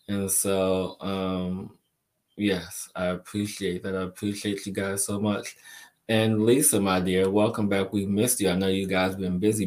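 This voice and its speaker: A man with a very deep voice hosts a spiritual live stream and answers viewer questions one by one. He talks slowly and deliberately and piles up repeated phrases to stress a point. He speaks to listeners warmly as "my friend" and "my dear.".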